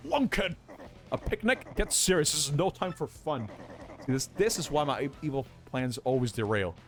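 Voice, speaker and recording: A man voicing a blustering, hot-tempered turtle king villain who shouts and bosses his servants around. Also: on the high side, expressive, normal speed, faint music behind, pitched above the performer's own voice, lightly acted. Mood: furious. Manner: shouting, indignant and bossy.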